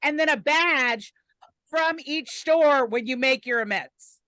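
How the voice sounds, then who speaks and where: A woman guest on a chat podcast, candidly telling animated stories from her life. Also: high-pitched, slow, no room sound. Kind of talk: casual chat.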